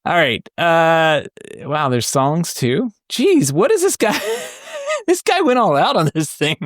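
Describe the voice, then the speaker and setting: Lively, laughing man hosting a tech podcast. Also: a little high, takes it slowly, no room sound, clean studio sound. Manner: excitable, laughs often, reads aloud. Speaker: podcast host. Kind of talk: casual tech podcast chat.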